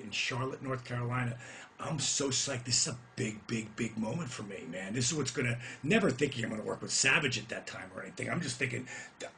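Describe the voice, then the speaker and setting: Gravelly middle-aged man telling stories. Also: mid-range voice, a little hiss or hum. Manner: animated, profane storyteller who gets loud reliving moments. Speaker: retired pro wrestler. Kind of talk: casual storytelling rant.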